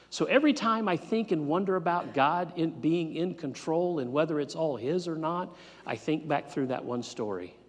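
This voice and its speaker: A man in his fifties, a pastor preaching a sermon and telling a personal story, swinging between loud animated bursts and quiet low asides. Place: church sanctuary. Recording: long hall reverb.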